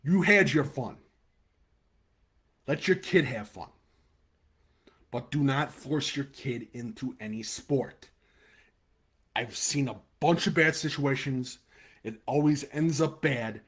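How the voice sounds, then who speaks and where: This Chicago-area American host of a high school football webcast has a mid-range, fairly bright, slightly rough voice and speaks slowly with frequent pauses. Blunt and fired up, he rants live and previews the game, swearing before apologizing.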